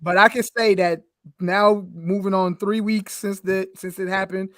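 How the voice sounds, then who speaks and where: A man's voice: sits high, fairly even intonation, a little slow, a bit bright, no room sound, studio quality. A man co-hosting a podcast, talking loosely in casual chat with slang. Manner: loose, easygoing talk with slang and filler. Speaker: podcast co-host.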